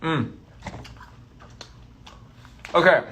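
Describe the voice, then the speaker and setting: A man's voice: medium pitch, fairly quick, long pauses, fairly bright tone, a little hiss or hum. A man chatting casually on a phone live stream, playful and teasing, as a touring artist talking to his fans.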